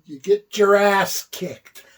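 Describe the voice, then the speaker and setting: A man's voice: sits high, slow pace, fairly bright tone, distant mic. A man co-hosting a wrestling talk show, teasing his partner with wisecracks and puns. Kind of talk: casual joking chat.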